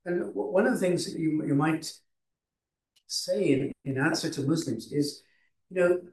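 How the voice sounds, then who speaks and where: A man preaching a sermon, unhurried, with frequent restarts and fillers. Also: on the high side, darkish tone, distant mic. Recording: roomy hall, voice from off-mic.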